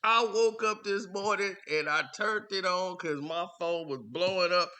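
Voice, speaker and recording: A man's voice: sits high, moderate pace, bright, forceful tone, smooth. A man hosting a reaction video, giving amused commentary and chuckling between remarks. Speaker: reaction channel host.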